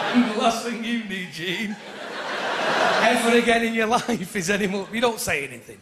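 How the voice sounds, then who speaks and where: A man's voice: high voice, a little slow, long pauses. A man with a northern English accent doing a stand-up comedy set on stage, chatty and teasing the crowd. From north of England. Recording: echoey live venue with audience noise. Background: audience laughter.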